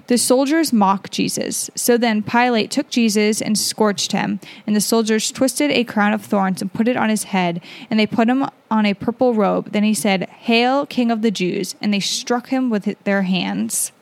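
A woman's voice: mid-range voice, unhurried, creaky, few pauses. A young woman hosting a podcast, reading a Bible passage aloud and then reflecting on it in a casual, earnest way with fillers. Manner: earnest, conversational, with fillers and self-corrections. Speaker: podcast host reading scripture.

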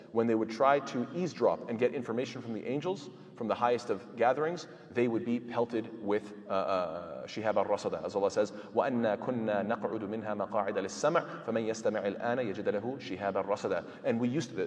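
A man teaching Quran commentary, asking rhetorical questions and reciting Arabic verses quickly. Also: medium pitch, a little mellow. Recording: long hall reverb.

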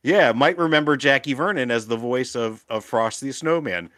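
A man co-hosting a podcast in casual chat, animated and often laughing. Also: medium pitch, normal speed, dry recording, studio quality. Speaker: podcast co-host.

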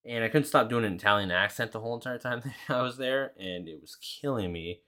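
A man's voice: mid-range voice, brisk, sharp tone. A young man hosting a podcast, chatting casually and rambling with lots of swearing and fillers. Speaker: podcast host. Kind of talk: casual solo chat.

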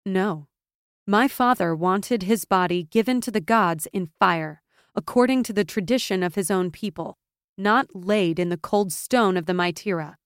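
A woman's voice: medium pitch, normal speed, clean tone, no room sound, studio quality, lightly acted. A woman voicing a proud young noblewoman who speaks in a firm, commanding, contemptuous way. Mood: calm.

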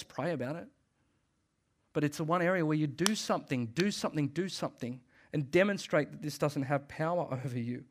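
A man giving a sermon as a pastor, emphatic, often repeating phrases and laughing briefly. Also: a little high.

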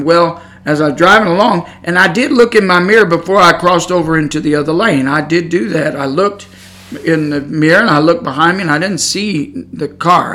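A middle-aged man preaching, telling a personal story in a calm, earnest, conversational way with many fillers and restarts. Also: a little high. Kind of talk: sermon storytelling.

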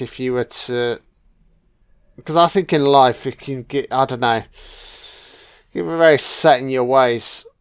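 A man's voice: mid-range voice, clear, resonant tone, no room sound, studio quality. A man giving a casual, laid-back film commentary, swearing freely and often adding "you know".

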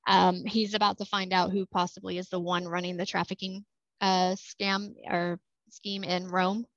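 A woman's voice: mid-range voice, flat delivery, a bit bright, dry recording. Woman author guest, rambling and friendly, slightly dull remote audio. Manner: chatty, many fillers and quick laughs. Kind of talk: casual podcast interview. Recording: dry, slightly muffled remote mic.

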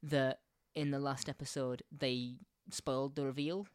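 A young man co-hosting a casual podcast, talking quickly and rambling with many restarts. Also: medium pitch, flat delivery, clear, resonant tone, no room sound. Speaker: podcast co-host and editor. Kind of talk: casual chat.

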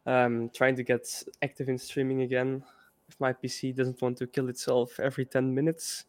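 A man from Belgium with a Belgian accent speaks as a podcast guest in a casual interview, often pausing on uh and um. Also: medium pitch, monotone, darkish tone, dry recording. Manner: hesitant, with frequent uh and um.

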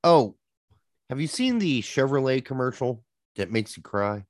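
A man's voice: mid-range voice, very animated, measured pace, no room sound, studio quality. A man co-hosting a soccer podcast, telling stories and ranting with plenty of swearing in casual chat. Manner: profane, ranting storyteller.

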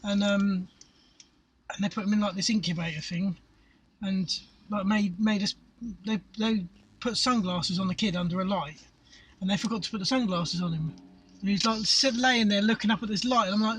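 A man's voice: sits high, moderate pace, fairly bright tone, recorded from a distance, a little hiss or hum, rough recording. A middle-aged Englishman telling crude, sweary stories and laughing in casual chat, recorded in a parked car. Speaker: podcast co-host.

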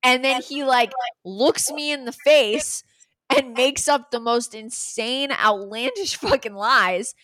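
A young woman co-hosting a casual podcast recap, animated and swearing freely. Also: high-pitched, takes it slowly, no room sound. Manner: animated, swearing, bursts of laughter. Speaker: podcast co-host.

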